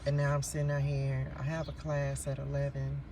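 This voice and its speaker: A vlogger films himself on a phone outdoors at a park, telling his viewers a story in a casual, animated way and repeatedly calling them y'all. His mid-range voice runs a little fast, picked up by a distant mic amid background noise.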